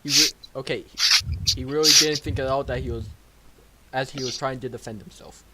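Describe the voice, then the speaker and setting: A young man reading a story and commenting on it in a wry, lively way. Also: medium pitch, fairly quick, heavy background noise. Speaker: reader and editor.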